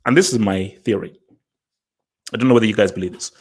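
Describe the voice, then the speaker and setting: Animated rambling man on a livestream. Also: quick pace, breathy edge. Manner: animated and rambling, repeats words, jumps in pitch for emphasis. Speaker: livestream host. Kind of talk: casual livestream chat.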